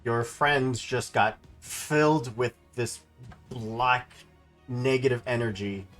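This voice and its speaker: A man's voice: mid-range voice, a bit bright. Man running a tabletop game. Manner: matter-of-fact rules calls. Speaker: game master.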